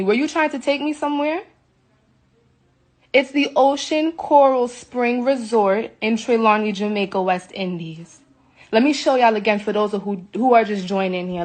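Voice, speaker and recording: Her voice is a little high and a little mellow, holding a steady tone at a moderate pace. She's an American woman livestreaming from a hotel room, ranting indignantly into her phone and going over the same points again and again in her agitation.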